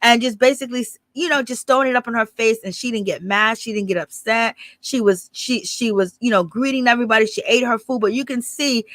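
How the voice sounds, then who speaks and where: A woman's voice: fairly high pitch, a little fast, few pauses, fairly bright tone, no echo. A woman hosting her channel, giving rambling, blunt and profane live gossip commentary. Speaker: channel host.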